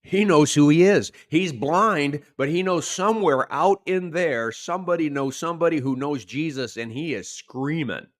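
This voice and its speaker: Animated man preaching a sermon. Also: a little high, moderate pace, few pauses. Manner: animated preaching, acts out shouted quotes. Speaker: pastor.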